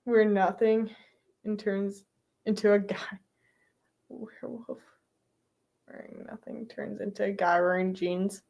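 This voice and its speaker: A woman's voice: medium pitch, steady tone, a little slow, vocal fry, pauses often, a little mellow. A young woman streaming live, chatting casually with her viewers, giggly and full of fillers.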